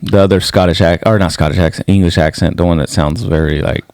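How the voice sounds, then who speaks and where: A man co-hosting a podcast in casual chat, telling crude stories with animated energy. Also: sits low, fast talker, dry recording, clean studio sound. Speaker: podcast co-host.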